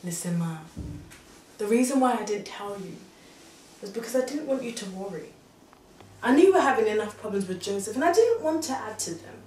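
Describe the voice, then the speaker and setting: Young woman, dramatic monologue, lively pitch, confiding then exclaiming, echoey room, distant mic. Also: a little fast, pauses often, a little hiss or hum. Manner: animated, confiding, swings between hushed and exclaiming. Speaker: narrator telling a story to her mother.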